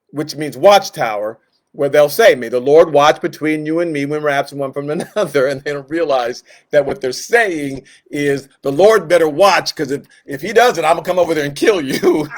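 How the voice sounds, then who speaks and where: A man teaching a Bible class in a casual, conversational way, with joking asides and quoted voices acted out. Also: on the high side. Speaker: Sunday school teacher.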